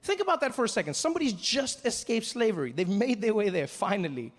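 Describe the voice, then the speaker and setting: A man from South Africa performing a stand-up comedy set, animated and acting out other people's voices. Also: sits high, fast. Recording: live hall reverb, faint audience noise.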